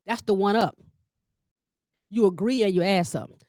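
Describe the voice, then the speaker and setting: A lively woman comedian runs a workshop for caregivers, talking directly to the crowd and breaking into high, punchy character voices for quoted lines. Her voice sits in a middle pitch and sounds dry and close, with no room echo. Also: moderate pace. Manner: lively storyteller who addresses the audience directly; acts out quoted dialogue with big pitch jumps.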